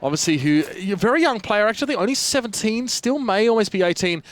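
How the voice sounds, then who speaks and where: A man's voice: sits high, animated. A man with an Australian accent giving chatty live play-by-play commentary on a competitive video game match. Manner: fast, chatty play-by-play with fillers. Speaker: esports caster.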